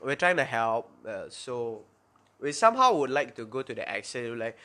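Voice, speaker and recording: A man's voice: medium pitch, sing-song, moderate pace, sharp tone. A young man with a Singaporean English accent, chatting casually and rambling with lots of fillers and slang. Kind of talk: casual chat.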